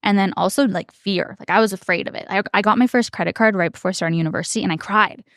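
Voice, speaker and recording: A woman's voice: mid-range voice, fast, a bit bright, no echo, studio quality. A young woman, a guest on a podcast, talking casually and acting out her past self as she tells stories. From Canada. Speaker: finance content creator guest.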